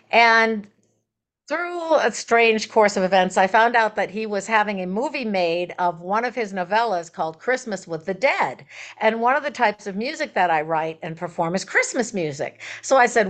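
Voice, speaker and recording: A woman songwriter and performer, a guest on an interview show, telling stories in a chatty, animated way and laughing as she goes. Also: medium pitch. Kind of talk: casual interview storytelling.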